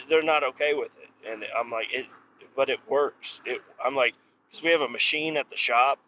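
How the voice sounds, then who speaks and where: Exasperated, cursing man, podcast host talking alone while driving; forceful tone, muffled lo-fi in-car sound. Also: mid-range voice, a little hiss or hum. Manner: profane, exasperated griping. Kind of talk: casual solo rant.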